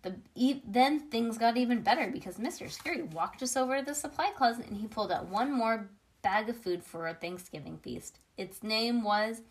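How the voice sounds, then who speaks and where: A woman's voice: fairly high pitch, moderate pace. Woman reading a kids' book aloud. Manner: lively, expressive read-aloud with small slips. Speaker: reader of a children's book.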